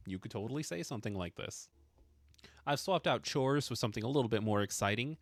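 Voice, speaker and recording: A man's voice: lowish voice, big pitch swings, normal speed, no room sound, clean studio sound. A man teaching a casual language lesson, explaining with playful emphasis and jokes.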